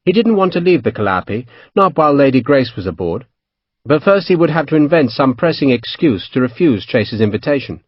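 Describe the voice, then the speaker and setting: A man narrating an audiobook, his husky voice rising and falling with lively pitch. The recording is dry and somewhat dull. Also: a little fast, no room sound. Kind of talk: scripted narration.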